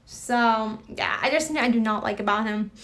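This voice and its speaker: At a moderate pace, a woman with a high voice chats casually with viewers on a livestream. Her rambling talk is bright and forceful, peppered with "like" and restarts while she reacts to comments.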